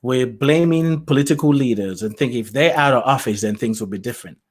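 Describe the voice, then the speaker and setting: A male podcast host in the UK talks solo into his self-produced setup, sharing spiritual thoughts in a loose, casual monologue. He muses aloud, laughs often and sometimes loses his thread before finding it again. His voice is middle-pitched and his pace brisk.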